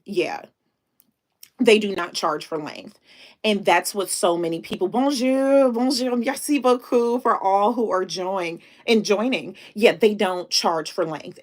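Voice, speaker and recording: A woman hosting a casual live stream. She thanks viewers warmly, drops in French greetings and speaks with emotion, close to tears. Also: on the low side. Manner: chatty, repeats herself, thanks viewers.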